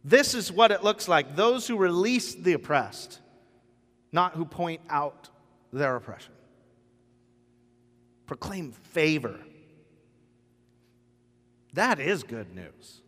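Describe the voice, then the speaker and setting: A man preaching a sermon as a pastor, telling stories with animated acted quotes. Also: on the high side, takes it slowly, pauses often, big-room sound.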